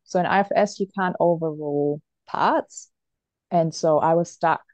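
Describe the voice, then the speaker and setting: A woman's voice: sits low, moderate pace, a little mellow, no echo, muffled recording. A woman in her thirties, a mother and therapist, speaking candidly and reflectively as a podcast guest, often laughing as she tells her story. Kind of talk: candid interview conversation.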